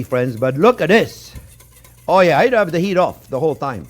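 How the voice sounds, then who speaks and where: A French-accented man cooks and talks in a kitchen, chatting to his viewers as friends. His pitch swings up and down all the time. He repeats his points in a loose, talkative way. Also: big pitch swings, moderate pace. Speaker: chef. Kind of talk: cooking demonstration.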